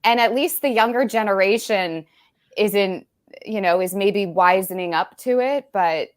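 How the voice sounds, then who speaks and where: Casting: forties woman, mid-pitched, blunt and matter-of-fact, video-call guest. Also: measured pace. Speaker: podcast guest. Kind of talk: casual video-call chat.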